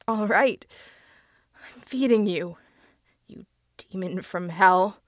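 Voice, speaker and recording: A woman's voice: medium pitch, takes it slowly, dry recording, clean studio sound, natural voice. A woman voicing a tormented young man who pleads and snaps bitterly at the thing that holds him. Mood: pleading.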